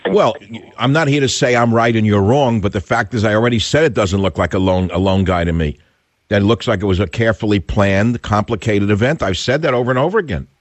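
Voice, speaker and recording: A man's voice: lowish voice, brisk, no room sound. A man hosting a radio talk show, combative and indignant, firing off rhetorical questions. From United States.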